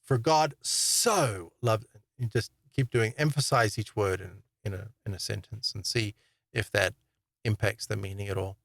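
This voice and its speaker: A man's voice: on the low side, fairly even intonation, moderate pace, creaky, a bit bright, dry recording. A man hosting his own channel, talking casually and rambling through a monologue with many fillers, restarts and chuckles. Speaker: online Bible teacher and channel host.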